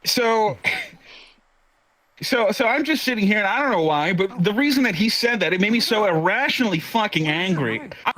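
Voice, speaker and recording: A man's voice: sits high, animated, moderate pace, a bit bright, rough recording. A man in his twenties telling a profane stand-up story, with lots of stammered restarts. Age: 20s. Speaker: stand-up comedian. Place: online virtual comedy show.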